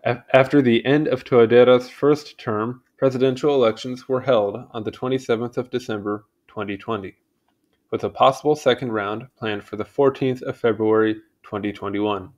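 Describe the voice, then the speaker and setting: A man's voice: mid-range voice, steady tone, normal speed, a little mellow, muffled recording. A man casually reading a history article aloud, stumbling over names and adding chatty asides. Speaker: channel host reading aloud.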